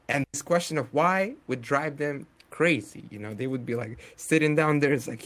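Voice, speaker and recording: A man's voice: on the high side, normal speed, hardly any pauses, fairly bright tone. A man hosting a casual podcast, who swears, laughs often and acts out quoted speech. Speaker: podcast host. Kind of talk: casual chat.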